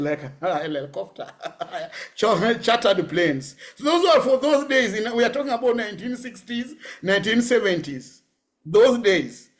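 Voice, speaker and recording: A middle-aged Kenyan man giving a public lecture, telling personal stories in a lively way. He laughs often and sometimes switches into Swahili. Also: sits high. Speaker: guest lecturer.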